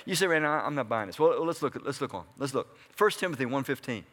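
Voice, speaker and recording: Speaking quickly with lively intonation, this pastor delivers his sermon in a church hall as though in conversation, asking the congregation questions and then answering them. His mid-range voice has a fairly bright tone.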